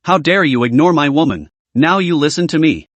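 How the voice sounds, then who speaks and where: A man's voice: on the high side, fairly quick, no room sound, lightly acted. A man voicing an arrogant, rich middle-aged man who blusters and threatens. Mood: blustering.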